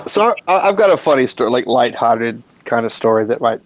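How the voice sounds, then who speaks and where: A man casually telling a funny workplace story on a live stream, lively and swearing freely. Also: mid-range voice, fairly quick, dull audio.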